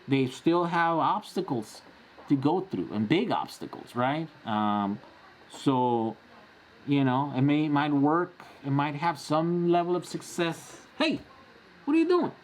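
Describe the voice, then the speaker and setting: A man's voice: fairly high pitch, slow, a little hiss or hum. A man in his forties hosting a casual live-stream Q&A, chatty and rambling, often laughing as he answers. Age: 40s.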